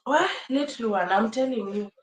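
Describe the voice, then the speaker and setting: A woman's voice: on the high side, moderate pace, background noise. A young woman, chatting casually on a livestream, emotional and repeating herself, laughing often. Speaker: livestream host. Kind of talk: casual livestream chat with viewers. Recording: echoey room.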